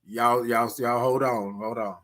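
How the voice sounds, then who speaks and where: At a steady, unhurried pace, a man from Houston, Texas chats through a casual morning livestream in a fairly bright mid-range voice, with slight background noise. He reads viewers' comments aloud, tosses in "right?" and "y'all," and uses a movable desk microphone.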